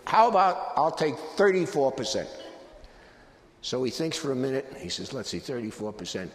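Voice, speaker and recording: A man's voice: medium pitch, big pitch swings, normal speed. An older man giving a live presentation on negotiation, telling humorous anecdotes with wry punchlines. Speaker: guest speaker on negotiation. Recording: hall reverb with faint background noise.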